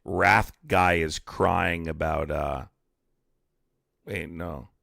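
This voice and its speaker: A blunt, profane man argues with callers and fires back at chat on a live stream. His voice sits very low with heavy vocal fry. The sound is close and dry. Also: fairly even intonation, drawn-out words, sharp tone, no echo. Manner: blunt, profane, combative, reads chat aloud. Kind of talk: heated live-stream debate.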